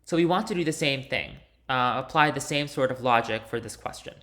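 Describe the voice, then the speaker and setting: A man with a bright, clear tone works through a homework solution like a recorded lecture. He goes step by step, with pitch at a middle level for a man. Now and then he pauses on fillers and restarts his sentences. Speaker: linguistics instructor.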